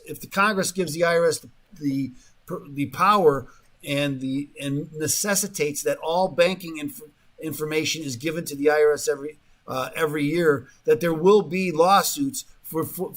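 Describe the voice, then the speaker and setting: A man's voice: a little high, fairly bright tone. A man hosting a talk radio show, rambling in a casual monologue full of fillers and restarts, sometimes mocking the voices of the people he quotes, in a radio studio.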